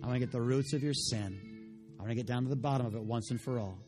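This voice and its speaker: A pastor preaching a sermon, retelling a story in voices and building to loud, passionate preaching. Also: male voice, medium pitch, quick pace, music in the background.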